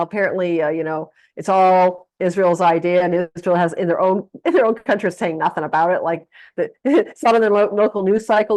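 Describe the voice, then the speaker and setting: A woman's voice: on the low side, darkish tone, no echo. A woman astrologer talking through the week ahead in a casual, digressive monologue, with plenty of fillers and asides.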